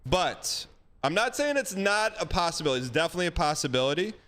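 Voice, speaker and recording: A man's voice: on the high side, quick pace. A man hosting a live stream, giving a caller emphatic, folksy dating advice in a casual chat. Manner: animated, emphatic, folksy with dog metaphors.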